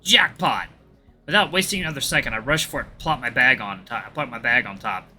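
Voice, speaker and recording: A man narrates a visual novel aloud as a let's play host, breaking off for chatty asides. His voice is very bright and moves a lot in pitch. Faint game music runs underneath. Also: expressive, brisk.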